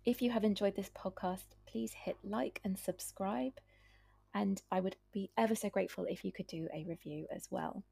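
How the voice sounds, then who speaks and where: A woman's voice: medium pitch, normal speed, creaky, dark tone. A woman, a doctor, hosting a solo podcast and earnestly advising listeners.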